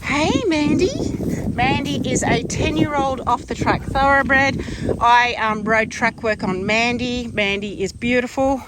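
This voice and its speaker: A woman's voice: fairly high pitch, steady tone, unhurried, background noise. Chatty woman with her horses. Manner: chatty and affectionate, cooing to the horses with many fillers. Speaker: horse trainer and vlogger. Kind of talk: casual walk-around vlog. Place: outdoors in a horse paddock.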